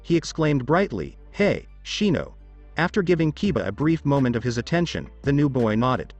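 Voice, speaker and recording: A man's voice: medium pitch, lively intonation, a little fast, lo-fi sound, soft background music. A man reading a story as scripted narration, with small shifts of voice for quoted children.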